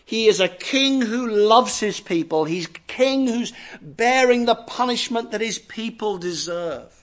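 A man preaching a sermon earnestly, slowing down to stress key phrases. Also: high voice, lively intonation, fairly bright tone. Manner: earnest, varied emphasis, slows down on key phrases.

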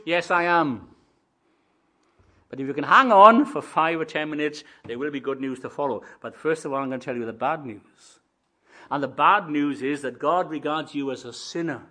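An older man preaching a sermon, who swings from quiet asides to loud, emphatic declarations and acts out both sides of imagined dialogues. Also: a little high, very animated, normal speed.

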